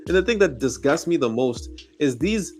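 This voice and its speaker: A man's voice: on the high side, animated, normal speed, a little mellow, soft background music. A man from South Africa with a South African accent, delivering an angry, emphatic, accusatory monologue to camera and hammering his points with repetition. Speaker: commentary channel host. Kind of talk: heated monologue rant.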